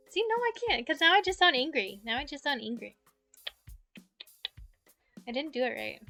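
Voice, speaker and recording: A young woman streamer chats casually with her mouth very close to the mic, giggling and laughing often between sentences. Her voice sits on the high side, bright and forceful with a sing-song lilt, delivered extremely slowly with long pauses. Soft music plays in the background.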